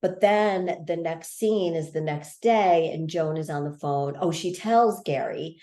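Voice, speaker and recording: Low-voiced chatty woman podcaster. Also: a little slow, dark tone. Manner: chatty, emphatic, restarts often. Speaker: podcast co-host. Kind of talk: casual recap chat.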